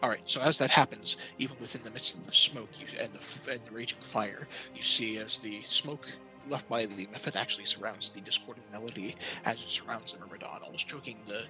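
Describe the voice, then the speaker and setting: A man narrating a tabletop game as game master, descriptive and halting, with many fillers. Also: on the low side, bright, forceful tone, faint music behind, low-quality recording.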